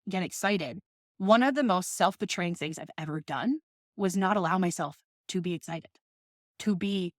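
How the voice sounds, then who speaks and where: A woman's voice: mid-range voice, no room sound, clean studio sound. A woman in her thirties talking in a casual, passionate monologue, swearing often and ranting with emphasis. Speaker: podcast host.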